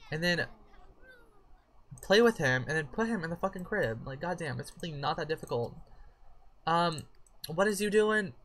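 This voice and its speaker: A woman hosts her own let's-play, rambling at the game in a relaxed, casual way. Her voice has a bright, forceful edge. She curses freely and now and then breaks into excited shrieks. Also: sits low. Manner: chatty, profane, with sudden shrieks of surprise. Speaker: gaming channel host.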